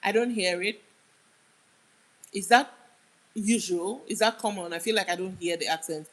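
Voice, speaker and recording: A woman's voice: medium pitch, moderate pace, low-quality recording. A young woman with a Nigerian accent hosts a casual livestream. She chats with her viewers and reads out their comments as she goes, often trailing off mid-sentence. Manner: chatty, answers comments aloud, drifts off mid-sentence. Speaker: livestream host.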